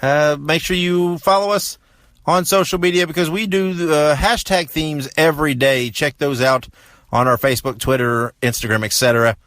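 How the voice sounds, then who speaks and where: Male podcast host, slightly high voice, friendly promo reads, dry close mic. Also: steady tone, fairly bright tone, no room sound. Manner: friendly, promotional, rapid thank-yous. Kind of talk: upbeat podcast outro.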